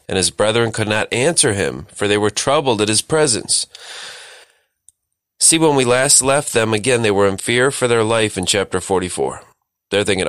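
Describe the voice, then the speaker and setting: A man's voice: fairly low pitch, moderate pace, fairly bright tone, no echo, studio quality. A man leading a Bible study, reading scripture and exhorting listeners earnestly.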